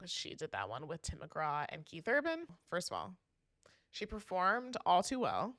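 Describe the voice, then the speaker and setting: A young woman co-hosting a podcast in casual chat, eager and reacting quickly. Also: on the low side, wildly swooping pitch, a bit bright, no room sound. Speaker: podcast co-host.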